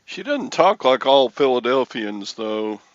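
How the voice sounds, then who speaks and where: A man hosting a casual podcast chat, talking slowly and mimicking how other people speak. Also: mid-range voice, very animated, dry recording, highs cut off. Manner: slow, chatty, imitates others' speech. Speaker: podcast host.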